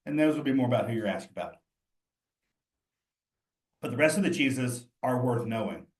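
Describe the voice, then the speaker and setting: A man's voice: medium pitch, expressive, moderate pace, darkish tone, reverberant. A man leading a cheese exam study session, reasoning through quiz answers aloud in a casual, encouraging way.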